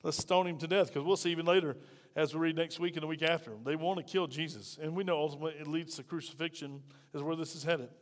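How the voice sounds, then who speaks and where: A man with a fairly high voice delivers a conversational sermon, wearing a lapel mic. He acts out the scripture quotes with sudden loud bursts, then drops to quiet asides. The sound carries the long reverb of a church hall. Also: steady tone, fast talker. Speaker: pastor.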